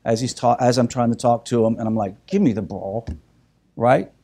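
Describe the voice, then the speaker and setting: A middle-aged man teaching a group, telling a personal family story with animated retellings and many restarts. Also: medium pitch, moderate pace, gravelly, husky. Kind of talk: storytelling talk.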